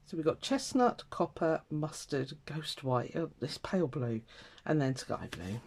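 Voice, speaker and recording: A woman hosting a craft video, chatting casually to herself and her viewers with laughing asides, in a rough morning voice. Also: deep voice, expressive, unhurried, darkish tone. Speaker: craft channel host.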